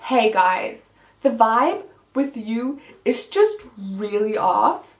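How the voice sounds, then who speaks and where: A woman's voice: on the high side, very animated, drawn-out words, heavily acted. A woman voicing a fed-up middle-aged queen who scolds in a blunt, casual way. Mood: scolding. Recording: roomy echo.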